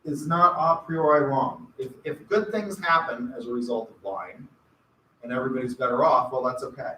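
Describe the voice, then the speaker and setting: A man's voice: mid-range voice, moderate pace, pushed and bright. A male college lecturer giving a conversational classroom lecture with wry, rambling asides. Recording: echoey classroom from far off, faint hiss.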